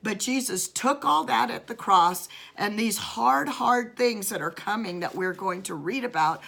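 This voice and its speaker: Gravelly, earnest woman retelling scripture. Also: mid-range voice, a bit bright. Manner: earnest, halting with restarts. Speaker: devotional video host.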